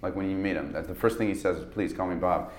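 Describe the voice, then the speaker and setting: A man's voice: sits low, quick pace, roomy sound, a little hiss or hum. A man, an actor guest, telling rambling, self-deprecating stories in a casual interview. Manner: rambling, self-deprecating storyteller, laughs often.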